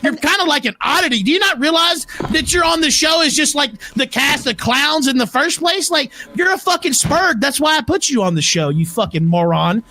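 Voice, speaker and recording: Man, livestream host, angry profane rant, very high voice, piercing tone. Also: lively intonation, a little fast, hardly any pauses. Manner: angry, profane, shouting at times.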